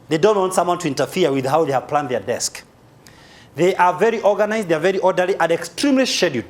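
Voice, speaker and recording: A man with a Kenyan accent giving a humorous, animated live seminar talk as a motivational speaker, spelling key words aloud. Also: a little high, a little hiss or hum.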